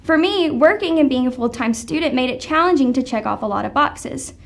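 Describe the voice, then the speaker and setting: A young graduating woman delivers a prepared speech to her classmates. Her voice sits high, and her tone stays earnest and encouraging throughout. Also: expressive, a little fast, vocal fry. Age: young adult. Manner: earnest, encouraging, read from script. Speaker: graduating student speaker.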